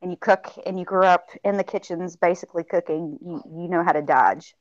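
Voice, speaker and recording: A woman with a Southern US accent chatting casually, animated and drawling, calling people honey. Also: lowish voice, fairly quick, no echo. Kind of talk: casual chat. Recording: dry, lo-fi stream audio.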